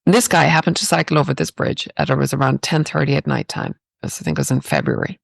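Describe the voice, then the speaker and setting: An Irish woman with an Irish accent, guesting on a podcast, tells personal stories in a reflective, spiritual way, using rhetorical "right?". Her voice is extremely low, sing-song, creaky and slightly rough, and she talks fast with no echo.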